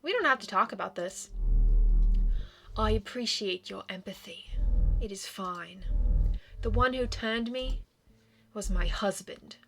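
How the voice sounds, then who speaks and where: A woman voicing a refined, sad female vampire ghost as she reads a game's dialogue aloud in a soft, formal, melancholy way. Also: mid-range voice, unhurried, vocal fry, pauses often, soft background music. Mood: wistful. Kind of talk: reading game dialogue aloud.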